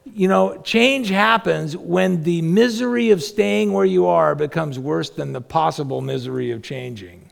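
A man's voice: on the high side, a little slow, vocal fry, hardly any pauses, big-room sound. A man, a pastor, preaching a conversational sermon full of rhetorical questions.

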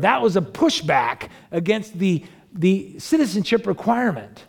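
A man's voice: sing-song, a little slow, creaky, breathy edge. A man preaching a sermon in a conversational way, asking the congregation questions and lifting his voice to drive points home. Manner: conversational preaching with rhetorical questions, pitch rising when stressing points. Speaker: pastor.

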